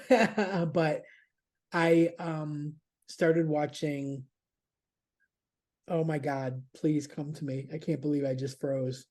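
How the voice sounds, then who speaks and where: A man's voice: fairly high pitch, fairly even intonation, slow pace, darkish tone. A man chatting casually as a podcast's regular news contributor, rambling, laughing and swearing freely.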